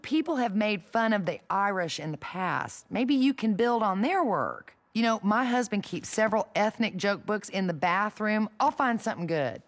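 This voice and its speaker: A woman voicing a chatty, eager middle-aged woman friend in an animated sitcom. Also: mid-range voice, normal speed, few pauses, close to an everyday voice.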